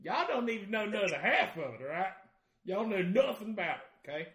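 A man putting on the voice of a brash Southern redneck who holds court at a party, speaking with a loud, boastful drawl and a Southern accent. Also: high voice, very animated, brisk, roomy sound, pitched above the performer's own voice.

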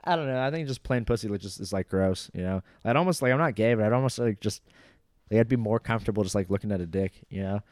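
A man's voice: fairly low pitch, fast talker, darkish tone, no room sound, clean studio sound. Rambling young man, lots of "like". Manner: rambling, heavy on "like" fillers, laughs a lot. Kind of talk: crude casual chat.

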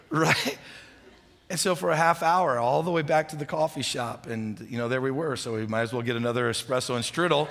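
Guy preaching, chatty storytelling, bright voice a bit high, long hall echo. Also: fairly quick, creaky. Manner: conversational storytelling, asks the audience questions. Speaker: pastor. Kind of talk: sermon.

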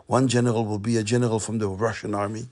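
A man telling a Hasidic tale, animated and repeating phrases for suspense. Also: lowish voice, quick pace. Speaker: storyteller.

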